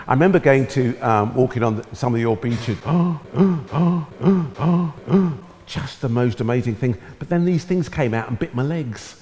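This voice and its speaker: A man's voice: mid-range voice, expressive, measured pace, a little mellow, in a large hall. A man telling stage anecdotes to an audience, theatrical and exclamatory, laughing often. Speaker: television chef.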